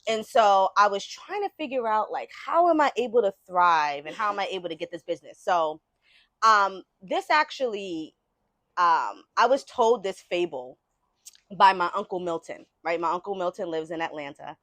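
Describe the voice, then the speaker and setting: Woman author telling a story, lively pitch. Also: moderate pace, dry recording. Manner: conversational, repeatedly checks in with "right?". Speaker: author at her book signing. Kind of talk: storytelling talk to an audience. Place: book signing event.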